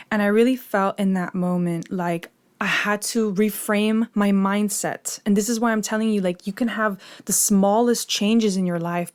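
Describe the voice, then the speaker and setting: A young woman vlogger with a medium-pitched, darkish voice chats casually about meditation and manifesting while telling a story. She swears freely and peppers her speech with "like" and "you know."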